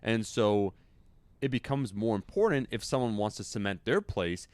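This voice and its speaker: Low-voiced man in rambling studio chat. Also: moderate pace, no room sound. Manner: rambling, animated storytelling with fillers. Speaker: podcast co-host. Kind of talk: casual chat.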